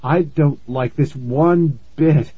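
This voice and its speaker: A man's voice: medium pitch, a little slow, gravelly, slightly rough, no echo. A man voicing a frightened mother, tearful and pleading, on a dull, lo-fi recording. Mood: worried. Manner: tearful, pleading, then screaming.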